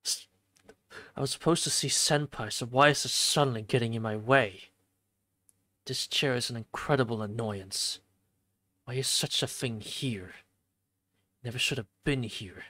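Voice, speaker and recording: A streamer reading a visual novel aloud from a home streaming setup, with expressive delivery and jokey asides. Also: medium pitch, a little slow, pauses often, no echo.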